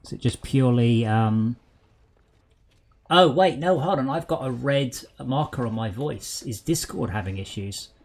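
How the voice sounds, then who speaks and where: Chatty man with a lively voice. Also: medium pitch, unhurried. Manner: chatty, rambling, troubleshooting aloud with many fillers. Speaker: streamer hosting a LAN game session. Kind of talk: casual chat while gaming.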